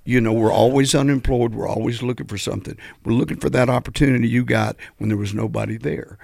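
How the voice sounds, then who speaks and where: A man, a veteran musician telling animated stories and preaching about the music business in a podcast interview. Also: mid-range voice, fast talker, vocal fry, no room sound, clean studio sound. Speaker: guest musician.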